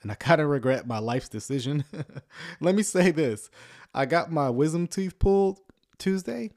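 A man's voice: fairly high pitch, expressive, normal speed, darkish tone. Sarcastic chuckling man commentator. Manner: sarcastic, chuckling, rambling with many fillers. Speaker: online commentator reacting to a sermon. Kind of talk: casual livestream commentary.

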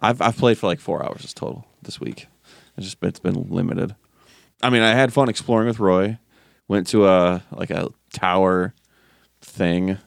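A low-voiced man with a gravelly edge chats about his week of gaming, wry and matter-of-fact. His voice sits dry and close to the mic. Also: a little slow, dry recording. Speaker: podcast co-host. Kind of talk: casual gaming chat.

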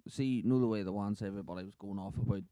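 A man's voice: lowish voice, racing, warm tone, no echo, studio quality. A young man, co-hosting a casual podcast chat in an easygoing, agreeable way. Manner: easygoing, agreeable, laughs along. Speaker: podcast co-host.

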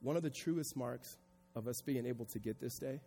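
A pastor preaching a sermon to a congregation, moving from quiet reflection to raised, emphatic delivery. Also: male voice, mid-range voice, moderate pace, long reverb tail, a little hiss or hum. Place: church sanctuary before a congregation.

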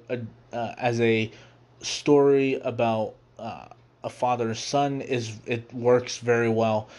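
Young guy rambling about a movie, tons of ums and restarts, mid-pitched plain voice. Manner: rambling, many fillers and restarts; laughs easily, quotes scenes in quick put-on voices. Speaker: movie review show host. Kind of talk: casual movie review monologue.

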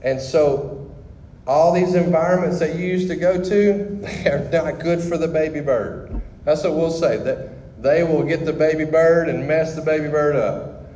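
Man, candid testimony speaker, warm and mellow, roomy hall with long reverb and faint background ambience. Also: fairly high pitch, a little slow, slight background noise. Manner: candid and conversational, with frequent restarts. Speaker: speaker sharing his testimony. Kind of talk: personal testimony to a group.

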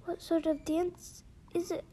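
A woman's voice: very high voice, little pitch movement, measured pace, warm tone. A woman voicing the polite, timid young girl Alice in a storybook reading.

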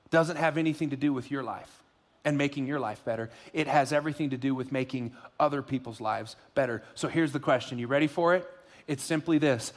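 A middle-aged man preaching a sermon in a church, joking and animated at first, then earnest. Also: mid-range voice. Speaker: pastor. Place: church auditorium.

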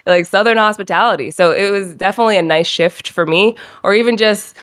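A young woman from Rhode Island with a New England accent, co-hosting a casual chat and telling stories with animated put-on voices. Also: medium pitch, a little fast, noisy background. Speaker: co-host.

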